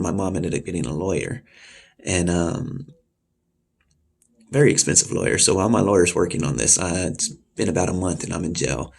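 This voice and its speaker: A man's voice: low-pitched, creaky, breathy edge. A man in his thirties casually telling a personal story and acting out the voices of the people in it. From Texas. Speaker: vlogger.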